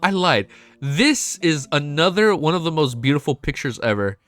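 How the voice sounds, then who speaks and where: A young man streaming to his chat, excitable and emotional, swearing often and reading chat messages aloud. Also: on the high side, moderate pace, dry recording. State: emotional, close to tears. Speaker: streamer reacting to a web novel. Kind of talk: casual live-stream chat.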